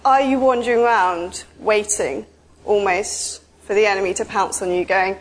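A woman giving an informal, chatty sermon, telling stories with lively asides. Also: mid-range voice, moderate pace. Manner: chatty, animated storytelling with asides. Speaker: preacher.

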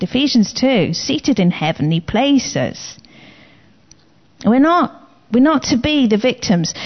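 A woman preaching a sermon in an emphatic, declaring manner. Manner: emphatic, declaring commands with rising pitch. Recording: slightly dull lo-fi recording.

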